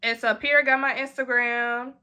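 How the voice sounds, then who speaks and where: Bright, high-voiced young woman telling a story. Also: clean tone. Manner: animated, acts out friends' lines in quick quoted voices. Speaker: vlogger. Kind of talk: storytime vlog.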